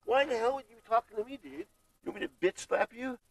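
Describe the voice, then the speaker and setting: A man's voice: very high voice, quick pace, vocal fry, no room sound, rough recording. A man who is a passer-by, talking in an aggressive, cursing, confrontational way.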